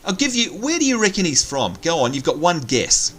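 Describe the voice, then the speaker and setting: An Australian man hosting a casual game commentary, chatty, excitable and teasing, talking over a headset. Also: fairly high pitch, brisk. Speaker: host.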